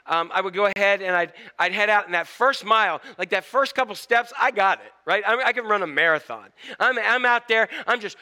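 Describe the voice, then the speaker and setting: A man's voice: sits high, lively intonation, fairly quick, few pauses, pushed and bright. A man preaching a casual, jokey sermon who keeps asking the crowd questions.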